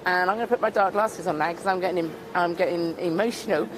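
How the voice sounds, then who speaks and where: An earnest woman from Devon answers questions in a casual street interview. She speaks into a handheld mic on a city street, with street noise clearly audible behind her. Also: fairly low pitch, very fast. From Devon, England. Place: busy city street outdoors. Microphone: handheld microphone held out to her.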